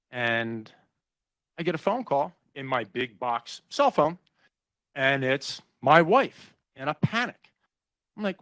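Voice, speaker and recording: Animated man telling a story. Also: fairly high pitch, no room sound, rough recording. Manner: animated storyteller, acts out quoted voices. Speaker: executive host introducing a panel. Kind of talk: conversational speech with anecdotes. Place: conference room.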